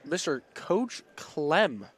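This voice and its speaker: A man doing live play-by-play commentary at a school wrestling meet, excitable and rambling, often stopping to apologize. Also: on the high side, drawn-out words. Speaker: play-by-play announcer. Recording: loud gym crowd noise. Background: cheering crowd and shouting coach.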